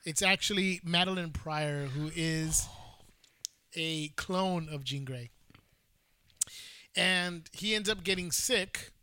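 Excitable guy chatting on a podcast, forceful bright tone, dry close sound. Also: a little high, slow, long pauses, smooth, no room sound. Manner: enthusiastic, storytelling, says "dude" often. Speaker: podcast co-host. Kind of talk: casual chat.

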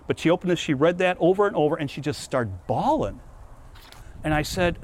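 Man, preacher, sermon, earnest, emphatic storytelling, somewhat high voice. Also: brisk. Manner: earnest, emphatic, lively retelling.

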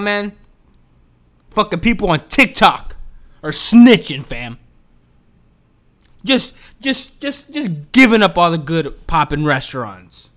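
A man's voice: sits high, fairly bright tone. A man ranting casually and profanely, exasperated and full of slang.

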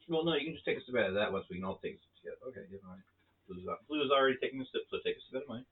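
A man's voice: mid-range voice, lively intonation, very fast. A man casually taste-testing snacks with friends, playful and talking while eating. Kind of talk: casual chat. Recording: tinny phone-like sound, faint hiss.

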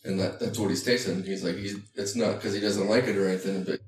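A man's voice: low-pitched, flat delivery, quick pace, recorded from a distance, slight background noise. A man co-hosting a casual podcast, telling laid-back stories with chuckling asides. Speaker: podcast co-host. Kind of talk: casual chat. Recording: echoey room, off-mic.

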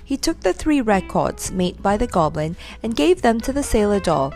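Lively woman reading a children's story. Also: medium pitch, moderate pace, soft background music. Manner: lively, expressive.

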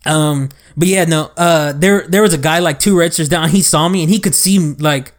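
Young guy, podcast co-host, slightly higher voice, acts out both sides of the story. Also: moderate pace. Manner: animated retelling with quoted dialogue. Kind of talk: casual chat, storytelling.

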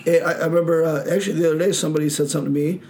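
A man from Michigan hosting a podcast, chatting casually, joking and swearing, and putting on high mocking voices for other people. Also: fairly even intonation, rapid-fire, a little mellow, a little hiss or hum. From Michigan, USA. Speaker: podcast host.

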